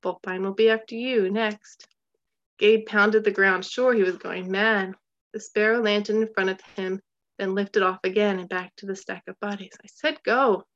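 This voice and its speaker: A woman narrating a children's storybook in a steady, measured voice of middling pitch. She slows her pace for tense moments. The recording is slightly muffled. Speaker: audiobook narrator.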